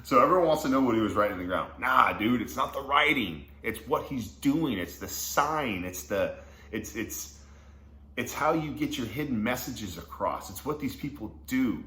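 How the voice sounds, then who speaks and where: A man reading Bible passages and explaining them in a casual, slangy way, breaking into excited asides as he teaches. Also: medium pitch, moderate pace. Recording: echoey room with faint background noise.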